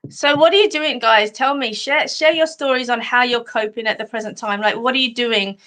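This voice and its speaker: A woman's voice: a little high, brisk, pushed and bright. A middle-aged Australian woman hosting a live stream, chatting casually and rambling through funny stories with frequent laughter. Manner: chatty, rambling storyteller who laughs often.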